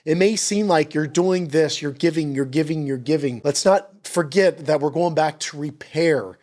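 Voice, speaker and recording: A man's voice: a little high, moderate pace, a little mellow. A middle-aged man, tearful and choked up, giving an earnest faith testimony on his podcast and repeating himself as he speaks. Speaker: podcast host.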